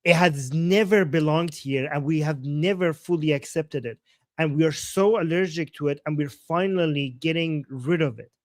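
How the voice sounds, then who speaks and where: A man's voice: fairly high pitch, moderate pace, no room sound, studio quality. A man from Iran co-hosting a live stream, talking emphatically and repeating key phrases. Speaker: co-host and YouTuber. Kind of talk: casual live-stream chat.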